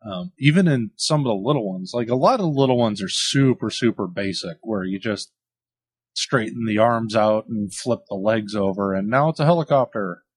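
A man in casual chat about toys, explaining calmly and speaking softly. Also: lowish voice, moderate pace, slightly rough.

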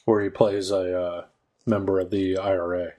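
Husky, low-voiced wisecracking co-host, a man. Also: level tone, normal speed, mellow. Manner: dry, wisecracking. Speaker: podcast co-host. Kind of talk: casual chat.

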